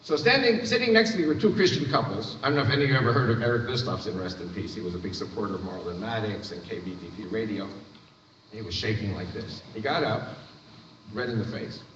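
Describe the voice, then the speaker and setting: A man's voice: on the low side, animated, fast talker, fairly bright tone. An American-born man giving an emphatic talk to a church audience, telling stories and restarting his phrases. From United States. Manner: emphatic storytelling, repeats words when restarting. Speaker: guest speaker. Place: large hall with live audience. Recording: echoey far-off hall recording, dull sound, faint noise.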